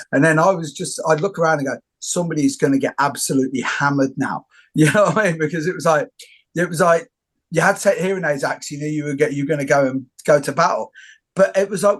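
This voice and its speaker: A middle-aged man hosting a casual interview, telling jokey, animated stories. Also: a little high, slightly rough. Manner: joking, animated storyteller. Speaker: host.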